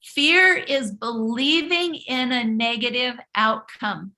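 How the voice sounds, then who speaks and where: Slow and forceful, a woman leads a live motivational talk in a bright voice on the high side. She preaches with emphasis, circling back to repeat and restart her phrases.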